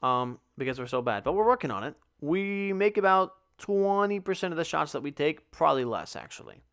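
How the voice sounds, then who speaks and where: A young man with a fairly high, smooth and clear voice talks through a solo podcast story. He rambles with lots of swearing and mocks himself, jumping into quick acted-out lines of what he said back then. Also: animated, fairly bright tone. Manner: rambling, profane, self-mocking with acted asides. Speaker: podcast host.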